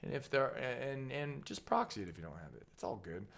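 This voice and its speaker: A man hosting a casual card game deck walkthrough, playful and rambling, with goofy asides and sudden jumps in pitch. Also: big pitch swings, brisk, vocal fry, fairly bright tone, slight background noise. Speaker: deck tech host.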